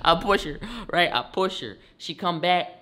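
A young man, a streamer, telling a story in a slangy, profane, animated way, getting loud on the punchlines. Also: sits high, normal speed. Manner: swears often, slangy, bursts loud on punchlines.

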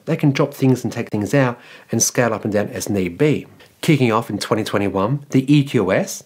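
Husky-voiced man hosting EV news. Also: mid-range voice, darkish tone. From Australia. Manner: reads news loosely, filling with "like" and "well". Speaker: EV news host. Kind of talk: scripted news read with casual asides.

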